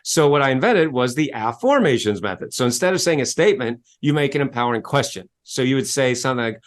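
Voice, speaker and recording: A man who works as a self-help coach, telling stories as a guest in an interview with a salesy, animated manner, acting out quotes and spelling words letter by letter. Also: medium pitch, quick pace, few pauses. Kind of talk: enthusiastic storytelling interview talk.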